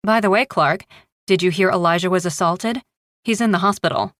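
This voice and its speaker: A sharp woman homicide detective, read by a woman narrator, direct and probing. She speaks fairly low with a dry, close studio sound. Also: a little fast, no room sound, natural voice.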